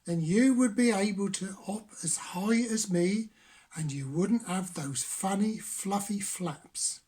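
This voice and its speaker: A man's voice: high voice, slow pace, a little mellow. An older man voicing a friendly, chatty male tree frog with a Devon accent, eager and helpful. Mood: cheerful.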